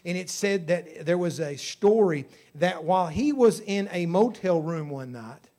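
A man's voice: high-pitched, expressive, unhurried, dark tone. A man preaching a sermon, emphatic, with surges in volume on key phrases as he tells stories. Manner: storytelling preacher.

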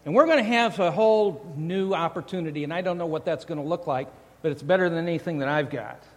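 A pastor preaching in a church sanctuary speaks fast in a fairly high voice, keeping things conversational and joking and frequently restarting sentences. Long church hall reverb fills the recording.

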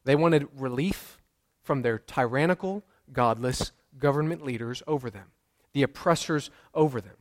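A man's voice: medium pitch, normal speed, in a large hall. A man preaching a sermon as pastor, earnest, repeating key phrases and quizzing his congregation. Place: church sanctuary.

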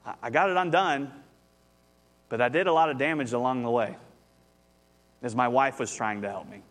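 A man's voice: mid-range voice, normal speed, a bit bright. A man, preaching a conversational sermon as pastor, telling a story and rising with animation.

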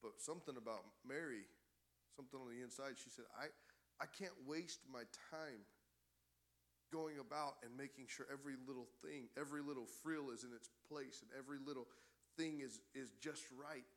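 A man preaching a sermon as pastor, building to loud, emphatic exhortation. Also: medium pitch, normal speed.

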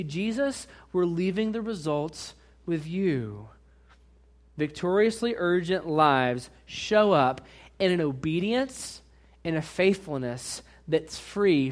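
A male pastor preaching a sermon, asking the congregation questions and swinging between quiet asides and loud, drawn-out emphasis. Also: high voice.

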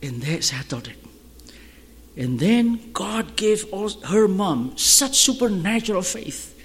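A man preaching as a pastor, telling stories in an animated way and shouting at the high points. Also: slow. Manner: animated storytelling, shouting at peaks. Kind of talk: sermon storytelling. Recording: long hall reverb.

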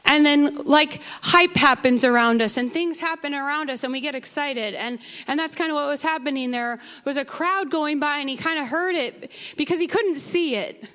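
A woman with a high voice preaches a sermon to her congregation. She talks to them casually at times, then builds to passionate, urgent appeals. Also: moderate pace, hardly any pauses, bright, forceful tone. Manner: rises to impassioned crying out; conversational asides to the congregation. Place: church sanctuary.

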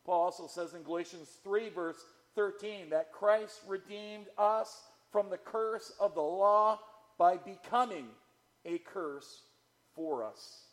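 A man delivers a sermon at an unhurried pace, repeating key phrases for emphasis. His voice sits slightly high for a man, with measured pauses between thoughts. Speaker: pastor.

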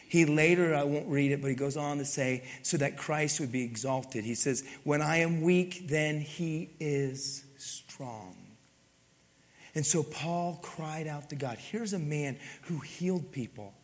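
A man preaching a sermon to his congregation, often dropping to a hushed, intimate tone. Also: a little high, a little slow, in a large hall. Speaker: pastor. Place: church sanctuary.

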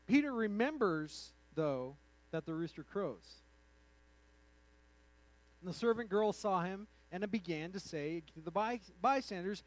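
A man preaching a sermon in an animated, conversational way, acting out the quotes in his story. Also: high voice, measured pace, long pauses, low-quality recording. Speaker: pastor.

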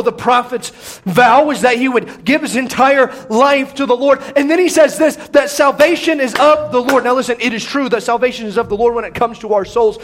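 A man preaching a sermon, swinging between loud, raised urging and hushed, prayerful low tones, reading scripture aloud. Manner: reads scripture in King James wording, repeats words when emphatic.

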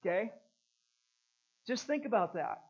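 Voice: mid-range voice, expressive, unhurried, lo-fi sound. An earnest preacher teaching a catechism lesson as a sermon, repeating rhetorical questions to press the point home.

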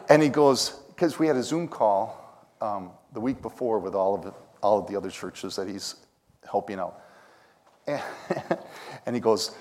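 A man preaching a sermon, telling stories, singing lines of worship songs and building to shouted calls. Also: mid-range voice, very animated, normal speed. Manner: storytelling, sings lines of songs, rises to shouts. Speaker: pastor. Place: church sanctuary. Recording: long hall reverb.

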